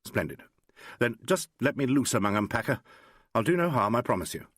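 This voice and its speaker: A narrator puts on a suave English detective chief inspector, a man who teases lightly with a gentleman's ease. His lines rise and fall with lively pitch in a dry, close sound. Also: brisk, husky, no echo. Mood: wry.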